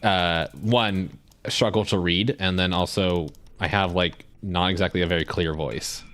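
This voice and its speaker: Lower-voiced man with a slight lisp. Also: steady tone, a little slow, a bit bright. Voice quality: slight lisp, trouble with consonants. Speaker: streamer playing a game. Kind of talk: casual chat while gaming.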